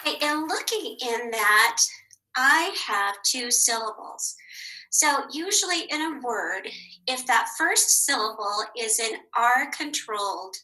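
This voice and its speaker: A woman teaching a children's phonics lesson, patient and clear, saying each word twice with the second higher. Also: lively intonation, takes it slowly, sharp tone, low-quality recording. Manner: clear, patient, sing-song.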